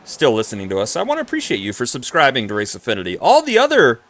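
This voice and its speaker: A man giving live commentary on a sim racing broadcast, excitable and quick to exclaim at close racing. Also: medium pitch, a little hiss or hum.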